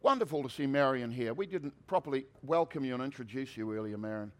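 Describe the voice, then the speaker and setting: A man pastor preaching a sermon, shifting from conversational asides to loud, emphatic preaching. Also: mid-range voice, animated, fast talker.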